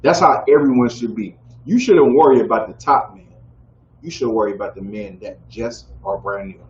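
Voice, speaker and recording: A man teaching a scripture lesson to a group in a preaching style, drawing call-and-response from the room. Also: moderate pace. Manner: call-and-response, keeps asking "y'all with me?". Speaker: teacher leading a scripture class. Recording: roomy, dull low-fi audio with faint background noise.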